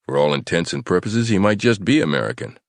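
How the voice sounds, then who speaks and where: Guy doing a calm good-cop soldier, low steady voice, talks the guy round, dry audiobook. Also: quick pace, no room sound. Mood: coaxing. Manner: calm, coaxing, persuasive.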